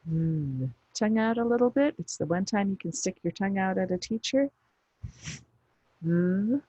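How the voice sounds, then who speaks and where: A woman teaching phonics, saying each letter sound slowly and clearly, then explaining briefly when it is used. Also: mid-range voice, darkish tone, no room sound, poor audio. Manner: pronounces isolated sounds deliberately, explains briefly. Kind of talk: slow instructional phonics drill.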